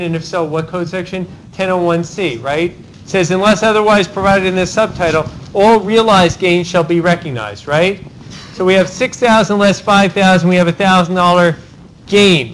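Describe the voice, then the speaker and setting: A male professor with a high voice leads a university classroom lecture in Socratic fashion. He fires questions at students, names them, and keeps tacking on "right?" as he drives the point home. A faint hiss sits under the recording. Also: fairly bright tone, poor audio. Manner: rapid cold-calling of students, tag questions like "right?". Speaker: law professor.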